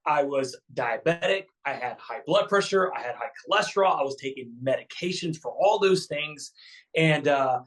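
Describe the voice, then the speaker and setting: A man's voice: on the high side, lively intonation, moderate pace, fairly bright tone, rough recording. A man in his thirties, a fitness coach telling his story as a guest in a casual, chatty way, full of fillers and repeats. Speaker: keto coach, podcast guest.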